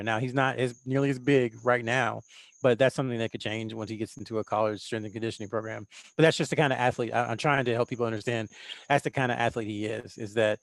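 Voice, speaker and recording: A man co-hosting a casual sports podcast, rambling in an animated way and laughing often. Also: medium pitch, vocal fry, dry recording. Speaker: podcast co-host, recruiting analyst.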